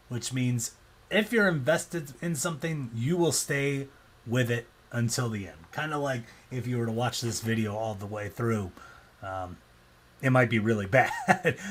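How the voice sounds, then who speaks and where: A man's voice: medium pitch, fairly bright tone, slight background noise. A man presenting a casual explanatory talk, loose and conversational, often acting out quoted reactions.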